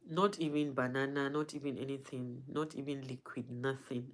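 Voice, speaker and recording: A woman speaks straight to her followers in a personal vlog. She sounds weak and in pain, halting and emotional, often starting a sentence over before she finds her words. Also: rumbling low, fairly even intonation. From Nigeria. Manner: halting and emotional, with frequent restarts. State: in pain and weak from not eating. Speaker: vlogger.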